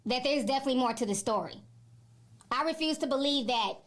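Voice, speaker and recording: A woman host giving her opinion in a measured, persuasive commentary. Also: high voice.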